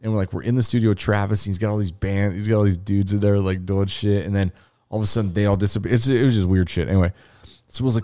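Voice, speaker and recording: A man's voice: lowish voice, fairly even intonation, racing, warm tone. A young adult man co-hosting a podcast, telling a long, profane story in a casual chat and acting out the quotes. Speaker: podcast co-host.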